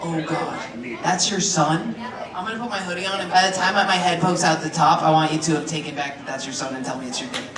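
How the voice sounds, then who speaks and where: A female stand-up comedian doing crowd work on a club stage, brash and profane, riffing quickly. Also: sits low, steady tone, far from the mic. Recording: roomy club sound with a loud crowd.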